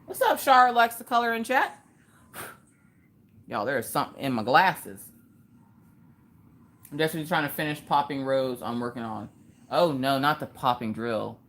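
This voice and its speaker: A woman hosts a casual livestream while diamond painting, chatting, telling stories and tossing joking asides to her viewers. Her voice is very deep and a bit bright, with lively intonation, normal speed and frequent pauses.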